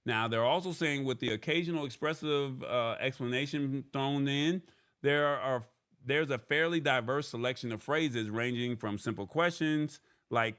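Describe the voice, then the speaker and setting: A man hosts a live tech news stream and talks through an article point by point. His voice sits at an ordinary middle pitch for a man. He keeps checking in with the audience by asking "all right?". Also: moderate pace, fairly bright tone, clear, resonant tone. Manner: explains step by step, often adding "all right?"; paraphrases an article aloud. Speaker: tech news show host.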